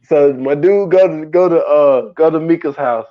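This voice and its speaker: A man with a high, light voice tells a movie's story in animated, profane casual chat. He laughs often and slips into the characters' lines as he goes. The sound is dull and lo-fi. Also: moderate pace. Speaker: podcast co-host.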